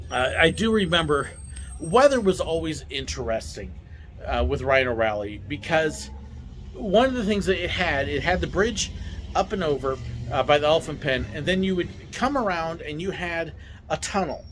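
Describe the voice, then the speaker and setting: Lively male storyteller, a bit high, big swings in pitch, playful and casual. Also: moderate pace, a little hiss or hum. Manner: animated, playful, acts out quoted voices. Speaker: vlog host, former theme park ride driver.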